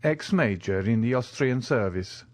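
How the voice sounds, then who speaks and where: A man voicing a suave, commanding count who speaks in a smooth, measured, courteous way. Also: medium pitch, animated, dry recording, lightly acted.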